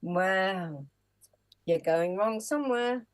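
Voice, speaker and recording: A woman's voice: mid-range voice, slow. A woman performing in an improv comedy scene, playful and teasing.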